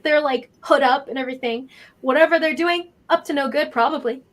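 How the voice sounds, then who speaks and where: A woman's voice: sits high, brisk. A woman narrating as game master, describing scenes with many fillers.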